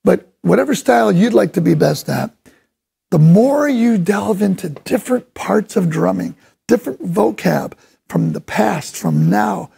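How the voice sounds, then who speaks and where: A man giving a casual, enthusiastic drum lesson, rambling from one point to the next and sometimes voicing drum rhythms out loud. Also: high-pitched, vocal fry, slightly rough. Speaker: drum instructor.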